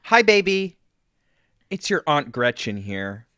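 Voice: mid-range voice, sing-song, slow pace, a bit bright, clear, resonant tone, no room sound, clean studio sound. Someone doing a snide, giggling older aunt. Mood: snide sweet. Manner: drawling, sugary, snide with giggles. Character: passive-aggressive older aunt, spiteful, laughing. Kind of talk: comedy improv of social media comments.

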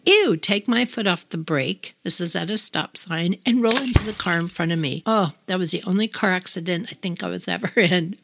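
A middle-aged woman hosting a podcast, telling a personal story in a chatty, animated way and talking straight to her listeners. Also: fairly low pitch, normal speed, gravelly, hardly any pauses, background noise. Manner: animated, chatty, addresses listeners as "you all". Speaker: podcast host.

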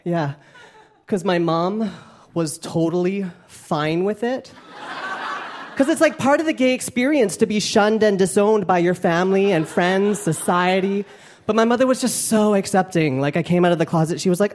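A man's voice: high-pitched, normal speed. A young man doing a stand-up comedy set on stage, campy, playful and self-mocking. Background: audience laughter.

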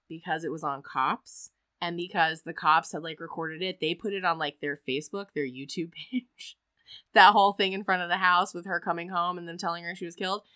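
A woman's voice: fairly low pitch, dry recording. A woman hosting a casual podcast, telling a story with frequent laughs and acted-out quotes. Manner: animated, laughs often, acts out quotes. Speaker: podcast host.

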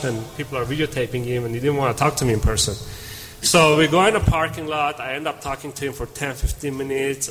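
A man on a conference panel telling a story and acting out the dialogue as he goes. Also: medium pitch. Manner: animated storyteller, acts out dialogue. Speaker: panel speaker. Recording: reverberant hall, faint room noise.

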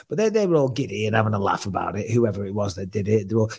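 This podcast co-host speaks quickly with few pauses, in a lowish voice with a breathy edge. He's telling a story in a casual conversation, cursing frequently and performing the quoted voices of others.

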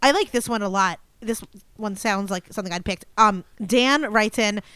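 A chatty woman co-hosting a casual podcast, with a smooth, clear voice. She reads out listener messages, and her voice sounds dry and close to the mic. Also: medium pitch, normal speed, a bit bright, no echo. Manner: chatty, many "like" fillers, laughs easily. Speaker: podcast co-host. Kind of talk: casual chat.

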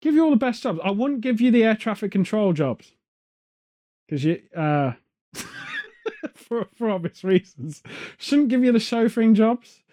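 An English podcast host wearing headphones talks into a studio mic, rambling casually from one joke to another and wandering onto tangents. His voice is high and mellow with big swings in pitch, and he speaks a little slowly with frequent pauses.

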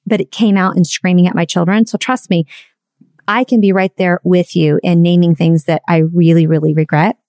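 A woman's voice: lowish voice, fairly even intonation, normal speed, a little mellow, dry recording, clean studio sound. A woman in her forties sharing a candid, confessional personal story and reflecting on parenting.

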